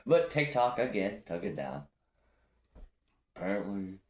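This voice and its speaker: This man's fairly low voice moves at a measured pace as he hosts a casual conversation full of energetic, loose and profane storytelling. The recording has an echoey room with faint background noise.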